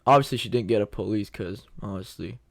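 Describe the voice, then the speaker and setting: A man's voice: lowish voice, fast talker, creaky, no echo, clean studio sound. A young man vlogging a casual story time, telling it in a loose, slangy way with lots of quoted back-and-forth.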